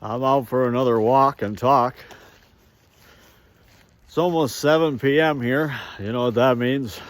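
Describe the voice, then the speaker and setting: A man's voice: medium pitch, measured pace. A man talking to the camera while walking an outdoor trail, rambling and joking in a casual walk-and-talk monologue, chuckling to himself, on a handheld phone. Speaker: vlogger. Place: outdoor snowy trail in rural Minnesota.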